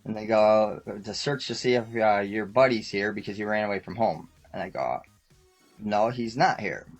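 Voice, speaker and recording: A man's voice: lowish voice, moderate pace, muffled recording, soft background music. A man guest on a talk show, telling rambling stories casually, often laughing and acting out quoted lines. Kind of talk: casual storytelling.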